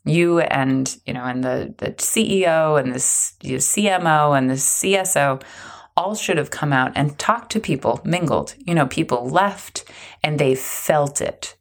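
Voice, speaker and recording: Low gravelly woman telling a story. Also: unhurried. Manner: conversational, emphatic, self-deprecating. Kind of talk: personal story told to an audience.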